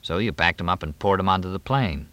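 A man's voice: sits low, fast talker, a bit bright, dry recording. A man reading an audiobook, voicing a wry, easygoing man in close to his own voice.

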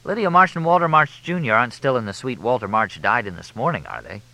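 A man's voice: medium pitch, lively intonation, quick pace, gravelly, pushed and bright, pitched above the performer's own voice. A man voicing a cheeky, pushy young male reporter with breezy, persistent questions.

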